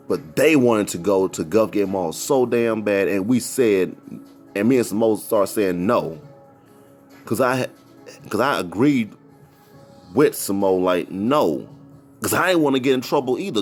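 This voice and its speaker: A man telling a personal story in a casual, rambling, repetitive way. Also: fairly low pitch. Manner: rambling, repetitive, animated retelling.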